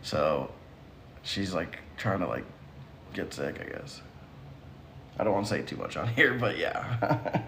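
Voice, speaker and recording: A man's voice: deep voice, big pitch swings, slow pace, vocal fry, pauses often, fairly bright tone, a little hiss or hum. A man hosting a casual livestream who answers viewer comments in a sassy, teasing way and laughs often. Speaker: livestream host.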